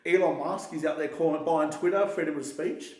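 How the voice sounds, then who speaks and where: A man's voice: fairly high pitch, a little fast. A man talking casually and at length, rambling, swearing often and restarting his sentences. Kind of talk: casual conversation. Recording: echoey roomy sound.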